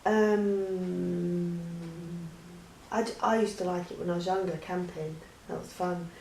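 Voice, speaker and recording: A woman's voice: lowish voice, little pitch movement, takes it slowly, gravelly, dark tone, echoey room, slight background noise, poor audio. A woman answering questions in a chatty, rambling way, with many restarts. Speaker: vlogger. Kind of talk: casual Q&A chat.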